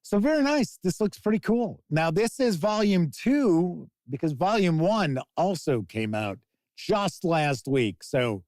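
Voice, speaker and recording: A man's voice: on the high side, animated, slow, darkish tone, no room sound. A man hosting a live tabletop gaming news stream, reading announcements and riffing on them in a chatty way while answering viewer comments. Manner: chatty, reads news then riffs on it, answers chat comments.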